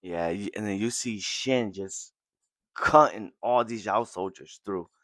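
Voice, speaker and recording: A man's voice: fairly low pitch, unhurried, a bit bright, no echo. Man casually recapping an anime episode. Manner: retells scenes, briefly acting out characters' lines. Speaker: podcast host.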